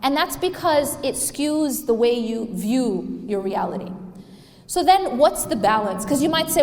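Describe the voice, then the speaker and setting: High-voiced woman lecturing in an echoey hall. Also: animated, a little slow, a little mellow. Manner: asks the audience questions, emphatic. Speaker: speaker. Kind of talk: religious lecture.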